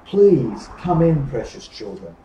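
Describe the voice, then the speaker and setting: A man's voice: very animated, slow, mellow, far from the mic, dull audio, slight background noise. A man voicing a wicked ancient witch who gloats and shrieks orders, recorded off-mic in an echoey room. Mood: sly. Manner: gloating, shrill when ordering.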